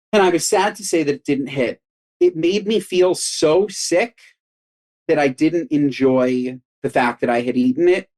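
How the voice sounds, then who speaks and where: A man co-hosting a podcast, joking in animated casual chat with his pitch swinging up and down. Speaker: podcast co-host.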